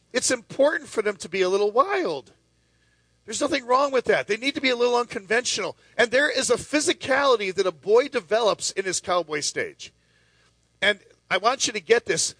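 A man's voice: high-pitched, pushed and bright, dry recording. A middle-aged male pastor preaching a sermon, telling stories with many restarts and asides. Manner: storytelling with lots of restarts and asides.

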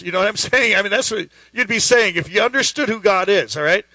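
A man's voice: high-pitched, fast talker, few pauses, sharp tone, no echo, low-quality recording. A man preaching a sermon in an emphatic, conversational way, full of rhetorical questions.

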